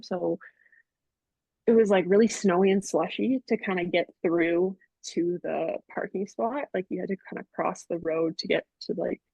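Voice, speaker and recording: A woman's voice: on the low side, gravelly, darkish tone, breathy edge, no room sound. A young woman telling personal stories as a podcast guest, chatty, with lots of fillers and laughs. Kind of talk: casual storytelling interview. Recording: dull, slightly muffled audio.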